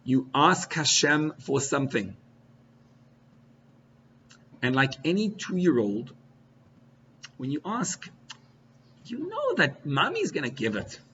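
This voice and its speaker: Animated rabbi preaching, dull recording. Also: male voice, slow pace, pauses often. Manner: animated, swings between loud outbursts and low asides; sprinkles Hebrew and Yiddish terms. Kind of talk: sermon. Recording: slightly dull recording with faint hiss.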